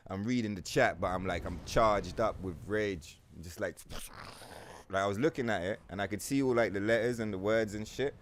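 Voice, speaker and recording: A man's voice: fairly low pitch, fairly quick, slight background noise. A young man streaming a game, ranting casually with lots of profanity and playful mock voices. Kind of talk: casual livestream rant while gaming.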